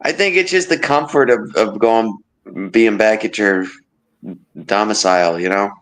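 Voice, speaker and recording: A man in casual group conversation, telling an animated anecdote and laughing often. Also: on the low side, measured pace, low-quality recording. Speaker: storyteller in a group chat. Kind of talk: casual chat.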